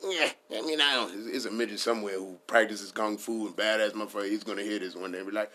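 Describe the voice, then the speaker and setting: A man tells a crude comic story in a loose, casual way, swearing often and laughing along with himself. His voice sits a little low yet sounds bright and punchy. He wanders from one tangent to the next without slowing down. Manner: rambling, profane, laughs at his own jokes. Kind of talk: casual comedic riffing.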